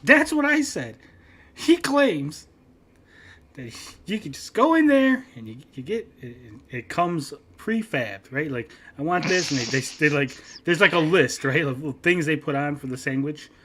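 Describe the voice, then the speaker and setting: A man hosting a podcast, telling a long profane story in a casual, animated way and acting out both sides of an argument. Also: a little high, moderate pace, few pauses, a little hiss or hum. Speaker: podcast host.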